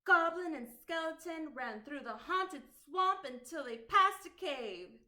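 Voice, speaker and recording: A woman librarian reading a picture book aloud at storytime in an expressive, sing-song way. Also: high voice, a little slow. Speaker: children's librarian.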